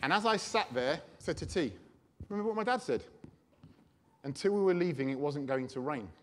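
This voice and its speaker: A man's voice: on the high side, fairly quick. Chatty man preaching. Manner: anecdotal, animated, chatty storytelling. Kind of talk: sermon storytelling.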